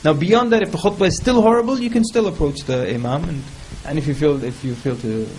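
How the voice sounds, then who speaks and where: A man speaking on a panel, giving advice in a lively, humorous way and mimicking people in quick quoted asides. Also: on the high side, slight background noise, low-quality recording. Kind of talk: casual panel talk.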